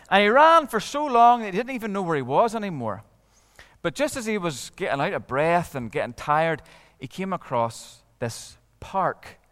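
A middle-aged Northern Irish man telling a story to a live audience, expressive, with dramatic hushes. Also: fairly high pitch, clean tone, in a large hall.

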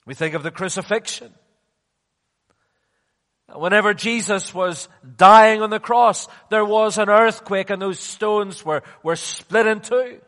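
A male preacher delivering a sermon, slow and emphatic, sinking to hushed tones and then rising again. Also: high voice. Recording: long reverb of a large hall.

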